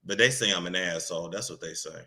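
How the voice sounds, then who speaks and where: Male gossip vlogger, bright and sharp tone, brash and profane, sing-song repetitions. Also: low voice, fast talker. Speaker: celebrity gossip host. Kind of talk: casual rant to camera.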